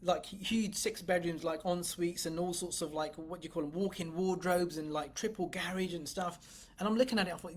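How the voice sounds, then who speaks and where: A woman's voice: on the low side, steady tone, normal speed, darkish tone, slightly rough. A woman business coach giving a motivational livestream talk, blunt and emphatic, swearing freely and speaking straight to her viewers. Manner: blunt and profane, emphatic, addresses viewers directly.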